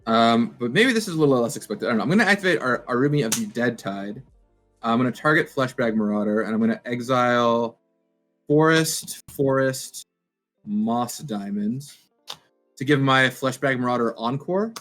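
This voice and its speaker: A man's voice: medium pitch, lively intonation, normal speed, a bit bright, soft background music. A man at home playing a card game over a webcam call, easygoing and thinking aloud as he counts out his moves. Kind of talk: casual game-play chat. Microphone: webcam video call.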